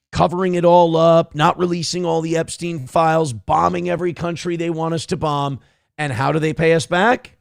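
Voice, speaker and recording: A man's voice: a little high, vocal fry, clear, resonant tone, dry recording. A man hosting a show, giving sarcastic, profane political commentary in a ranting way on a close mic. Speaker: show host.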